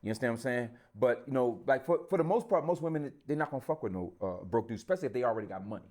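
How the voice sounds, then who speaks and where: A man's voice: mid-range voice, animated, racing, darkish tone. A man hosting a podcast, talking bluntly in casual chat with plenty of profanity. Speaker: podcast host.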